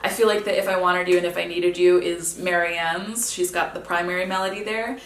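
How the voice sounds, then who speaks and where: A young woman songwriter talking casually and candidly about her own song, sometimes musing quietly. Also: on the low side, fairly even intonation, brisk. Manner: chatty, candid, drifts into soft musing. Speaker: singer-songwriter. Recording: roomy, mic set at a distance.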